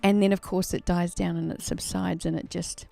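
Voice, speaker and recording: A woman's voice: lowish voice, flat delivery, moderate pace, vocal fry, mellow. A woman, a live-stream host, telling a childhood story in a chatty, candid way and laughing at herself. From Australia.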